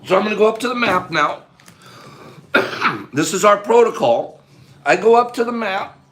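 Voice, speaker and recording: A man hosting a casual livestream, emotional and animated, swinging from loud bursts to soft, choked-up murmurs. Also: high voice, moderate pace, a little hiss or hum. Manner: emotional, gets choked up and clears his throat. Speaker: livestream host.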